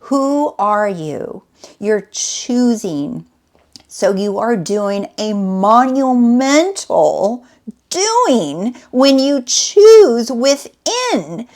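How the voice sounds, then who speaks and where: A woman's voice: a little high, sing-song, drawn-out words, darkish tone. A woman coach talking straight to her viewers in an emphatic monologue, repeating phrases and asking rhetorical questions. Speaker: manifestation coach.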